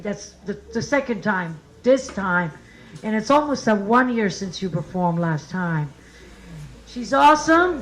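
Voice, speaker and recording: A woman with an Italian accent, her voice sitting a touch high, bantering loosely with a live comedy crowd. She jokes in a rough, unpolished way and then rouses the room for the next act. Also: poor audio. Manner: loud, jokey, shouting crowd hype. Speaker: comedy show host. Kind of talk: stand-up banter and introduction.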